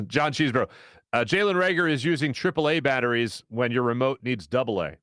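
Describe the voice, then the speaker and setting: A man's voice: medium pitch, fairly quick, no echo, clean studio sound. A man in his thirties with a Philadelphia accent, hosting a live sports talk show, rambling and joking as he reads chat comments. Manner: animated, rambling, jokey, lots of fillers and asides. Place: small studio. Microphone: studio mic.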